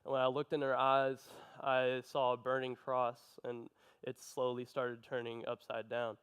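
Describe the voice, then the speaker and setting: A young man giving an earnest personal testimony, telling his story in a halting way. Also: mid-range voice, completely flat delivery, fairly bright tone, clear, resonant tone. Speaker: testimony speaker.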